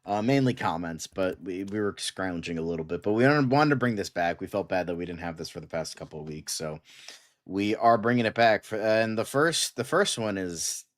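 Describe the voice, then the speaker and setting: Blunt, profane male co-host with a fairly low voice, casual and joking. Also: expressive, brisk. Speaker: podcast co-host. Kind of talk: casual chat.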